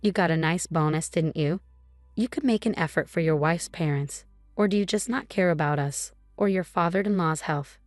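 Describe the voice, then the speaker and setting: A woman's voice: fairly low pitch, normal speed, no echo, soft background music, close to an everyday voice. A woman voicing a pushy, scheming older mother-in-law who talks in a sweetly insistent, dismissive way. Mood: indignant.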